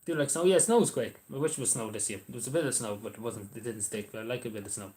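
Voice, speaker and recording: Racing along in a mid-range, slightly mellow voice, an Irish man responds to viewer messages on his livestream. He chats casually but rambles, hesitates, restarts, and says um a lot.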